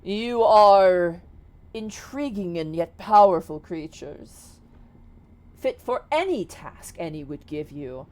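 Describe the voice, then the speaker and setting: A woman's voice: lowish voice, lively intonation, slow pace, darkish tone. A woman voicing a wealthy, smug male earth genie who talks like a grandiose salesman in a tabletop game. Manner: pompous, grandiose salesman talk.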